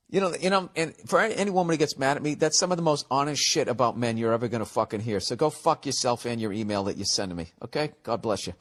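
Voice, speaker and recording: A man's voice: fairly high pitch, fairly bright tone. A man in his fifties with a Boston accent, giving blunt, profane advice in a casual podcast monologue.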